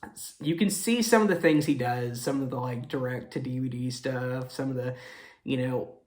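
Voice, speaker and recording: A man's voice: mid-range voice, moderate pace. A young man hosting a casual movie review, talking in a rambling way with many fillers and apologetic self-corrections.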